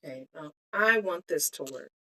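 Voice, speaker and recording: Her voice sits low and sounds bright and forceful, animated at a normal speed. While crafting bead earrings on a cellphone live stream, she chats casually with viewers, giggling, talking to herself, and drifting off mid-sentence.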